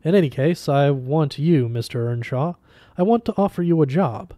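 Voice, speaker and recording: A mysterious stranger on the phone, put on by a man reading a story, calm and quietly amused, never ruffled. His voice sits somewhat higher than the reader's own, with a mellow, dark tone. The recording is close and dry. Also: no room sound, natural voice. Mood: cool amused. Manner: cool, amused, unhurried.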